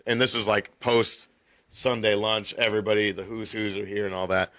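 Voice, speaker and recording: Podcast co-host, male, tense bright voice, retells scenes in a loose, rambling way. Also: on the low side, steady tone, brisk. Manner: rambling storyteller, acts out scenes with laughter. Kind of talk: casual chat.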